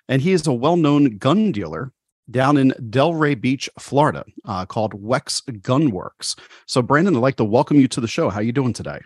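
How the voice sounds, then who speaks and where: A man's voice: medium pitch, husky, no echo, clean studio sound. A man hosting an interview show, asking questions in a conversational way with some hesitations. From United States. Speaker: radio show host.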